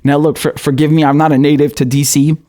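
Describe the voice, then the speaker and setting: A man's voice: fairly high pitch, little pitch movement, fast, warm tone. A young man hosting political commentary, indignant and profane, often laughing.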